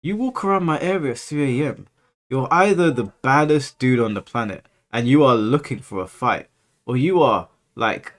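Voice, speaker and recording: A man's voice: mid-range voice, fairly bright tone. London man rambling through stories. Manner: rambling storyteller, acts out quoted speech. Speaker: livestream host. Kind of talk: casual livestream chat with viewers.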